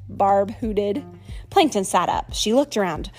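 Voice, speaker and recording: A woman reading a children's story aloud in an expressive, animated way. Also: medium pitch, measured pace, soft background music.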